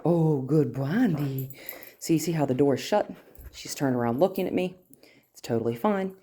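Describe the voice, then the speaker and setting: Woman dog trainer, low mellow voice, faint noise, moves off the mic. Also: animated, brisk. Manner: talks to the viewer while praising a dog in a high sing-song voice. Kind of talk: instructional dog training demo.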